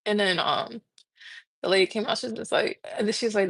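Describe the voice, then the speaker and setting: Speaking fast in a husky, creaky mid-range voice, this young adult woman runs a casual morning live stream in her kitchen at home. She eats, laughs and chats her way through stories, and the phone-mic recording is dry.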